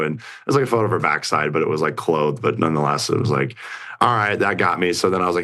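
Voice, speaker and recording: A man's voice: low-pitched, fast talker, a bit bright. A young man, an interview guest, retelling a story in a rambling way full of fillers and quoted lines.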